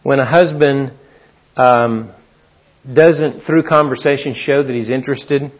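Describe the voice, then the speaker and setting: A man's voice: a little high, measured pace, breathy edge. Guy preaching, folksy storyteller, kinda muffled lo-fi sound. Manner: folksy storytelling, acts out quotes. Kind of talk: sermon.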